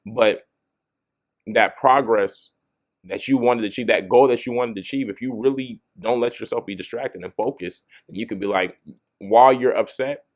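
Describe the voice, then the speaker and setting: A man's voice: medium pitch, moderate pace. A young man giving a casual motivational talk to camera, often saying "you know what I'm saying" and restarting his sentences. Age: young adult. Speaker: motivational video host.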